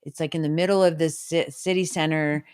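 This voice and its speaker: A woman's voice: low voice, fairly even intonation, a little fast, darkish tone, clean tone, no echo, studio quality. A woman podcast host in a casual remote interview, gushing with enthusiastic praise.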